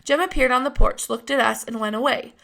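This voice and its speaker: A woman reading a novel aloud with steady storytelling narration. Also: high-pitched, brisk, creaky. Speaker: reader of a novel.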